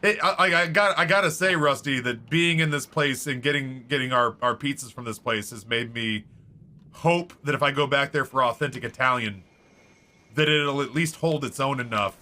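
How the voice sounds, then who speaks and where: Brief: chatty male game streamer, bright voice, meandering anecdotes. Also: medium pitch, normal speed. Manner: rambling, animated storytelling with many fillers. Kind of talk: casual chat while streaming a game.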